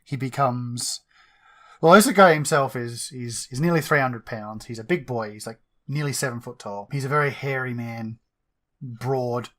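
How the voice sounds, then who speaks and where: A man's voice: medium pitch, moderate pace, fairly bright tone. A man playing a tabletop game, casually explaining what his character does. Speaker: player.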